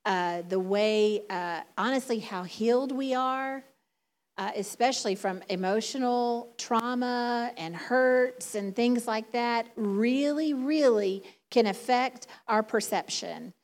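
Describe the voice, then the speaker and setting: A woman's voice: a little high, takes it slowly. A woman with a Southern drawl giving a casual, chatty sermon to a congregation, laughing often and talking with many fillers. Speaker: church speaker. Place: church sanctuary before a congregation.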